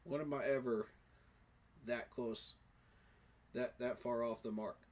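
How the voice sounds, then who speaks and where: A man's voice: medium pitch, fairly even intonation, slow pace, darkish tone. A man giving an emotional, preacher-like fan monologue, repeating his phrases for emphasis. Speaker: sports fan commentator.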